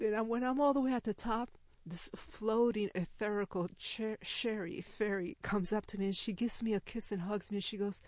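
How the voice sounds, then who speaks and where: Animated woman telling a personal story. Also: mid-range voice, normal speed, no echo. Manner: animated, laughing, acts out quoted speech. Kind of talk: personal story told to a live audience.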